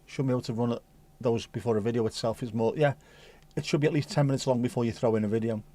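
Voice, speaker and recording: A man's voice: medium pitch, steady tone, rapid-fire, warm tone. A man hosting a casual livestream, chatting with viewers in a jokey, teasing, rambling way. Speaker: livestream host.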